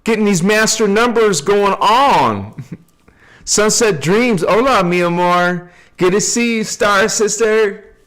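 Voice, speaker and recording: A man hosting a casual spiritual livestream, greeting viewers by name in a playful way and laughing often. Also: sits high. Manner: relaxed and unhurried. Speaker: livestream host.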